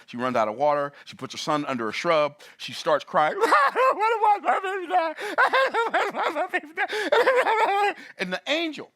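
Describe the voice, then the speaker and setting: A man teaching in a sermon style, animated and playful, asking his audience rhetorical questions. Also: fairly high pitch. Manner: animated, playful, acts out voices and laughs at his own jokes. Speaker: business teacher.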